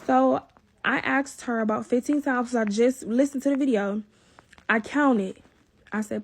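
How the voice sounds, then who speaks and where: A young woman telling a personal story in a casual vlog, animated and profane, talking straight to her viewers. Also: a little high, normal speed, husky.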